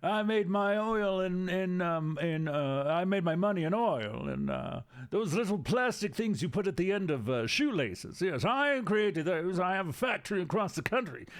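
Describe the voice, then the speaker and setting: Man doing a posh, pompous aristocrat; high, sing-song drawl. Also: big pitch swings, normal speed, hardly any pauses. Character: posh upper-class man who can't keep a job.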